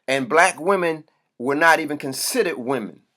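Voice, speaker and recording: A man's voice: a little high, normal speed, bright, forceful tone. A man delivering an impassioned, profane monologue. He talks bluntly and preaches in short bursts.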